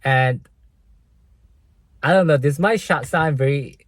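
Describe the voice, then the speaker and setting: Slow, hesitant young man. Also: a little high, no room sound. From Korea. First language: Korean. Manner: hesitant, full of fillers and "right?" tags. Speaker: vlogger. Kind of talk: casual storytelling vlog.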